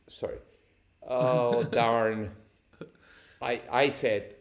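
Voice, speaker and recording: A man, a cinematographer guest on a podcast, telling lively anecdotes with frequent laughter. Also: medium pitch, takes it slowly, long pauses. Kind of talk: storytelling interview answers.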